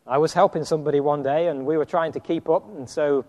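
A man's voice: fairly high pitch, steady tone, fast, a little mellow, dull audio. A man with an English accent preaching a sermon, telling personal stories and acting out the dialogue with frequent chuckles. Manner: storytelling, chuckles often, acts out dialogue. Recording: long hall reverb.

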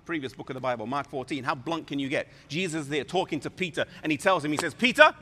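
A man preaching a sermon in an animated way, acting out scripture with voices. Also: on the high side, fast. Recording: reverberant hall.

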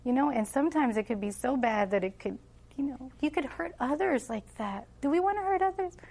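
A woman's voice: a little high, animated, fairly quick, vocal fry, a little mellow, breathy edge. A middle-aged woman telling stories about raising her children, animatedly acting out what she and they said. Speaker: homeschooling mother giving a talk. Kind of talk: casual storytelling talk.

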